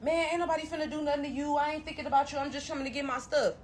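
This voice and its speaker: A woman's voice: sits high, steady tone, very fast, pitched above the performer's own voice, lightly acted. A woman doing a dismissive young ex. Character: young man, dismissive ex-fiancé.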